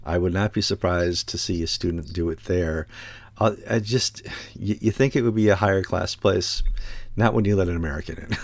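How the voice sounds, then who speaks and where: A man's voice: sits low, moderate pace, dry recording. A man hosting a casual news discussion, who jokes and laughs between his remarks. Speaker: news show host.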